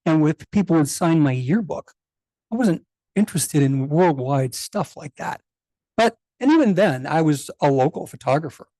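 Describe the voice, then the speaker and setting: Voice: medium pitch, lively intonation, moderate pace, warm tone, no room sound. A photographer in their sixties giving a memorial tribute, telling rambling anecdotes and quoting others' dialogue. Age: 60s. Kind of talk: memorial speech, anecdotal storytelling. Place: meeting house.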